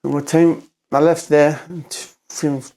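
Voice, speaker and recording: A man's voice: a little high, level tone, dark tone. Emotional man telling a story. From North East England. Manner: halting, repeats himself, swears. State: emotional, near tears. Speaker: podcast guest, former doorman.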